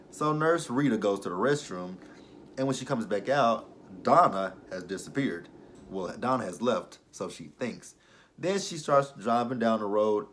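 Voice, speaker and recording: Sex: man. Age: 30s. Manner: rambling storyteller. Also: lowish voice. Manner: rambling, animated storytelling, tangents. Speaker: YouTube TV reviewer. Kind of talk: casual chat.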